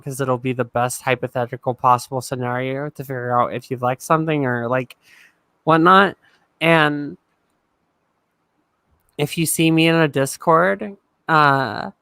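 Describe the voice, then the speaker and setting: A woman's voice: low voice, a bit bright, clean tone, dry recording. Tipsy playful woman from Russia. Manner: playful, giggly, rambling. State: drunk. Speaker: guest. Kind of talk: casual interview chat.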